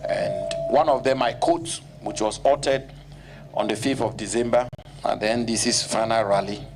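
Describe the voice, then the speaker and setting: Deliberate man questioning a nominee. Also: medium pitch, over music, rough recording. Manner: deliberate, repeats points for emphasis. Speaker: committee member questioning. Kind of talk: formal parliamentary questioning.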